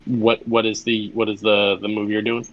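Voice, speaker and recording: A man running a tabletop game as game master, laid-back and laughing often, with halting restarts. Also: lowish voice, little pitch movement, highs cut off.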